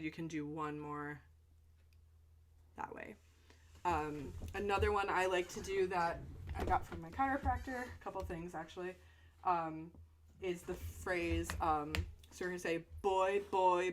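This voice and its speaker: Relaxed woman teaching jaw stretches. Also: lowish voice. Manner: relaxed, chatty, with fillers and asides. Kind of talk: instructional stretch demonstration.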